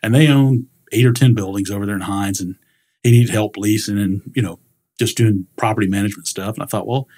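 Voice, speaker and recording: A man's voice: on the low side, brisk, a little mellow, breathy edge. A middle-aged man telling stories in a casual interview, rambling with many fillers and acting out quoted dialogue. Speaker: guest, industrial leasing director.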